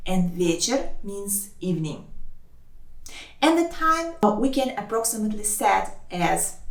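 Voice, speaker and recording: A woman who speaks Russian natively, teaching a language lesson in English with slow, careful speech, saying each phrase twice. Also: mid-range voice, creaky, recorded from a distance. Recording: roomy, voice a bit off-mic.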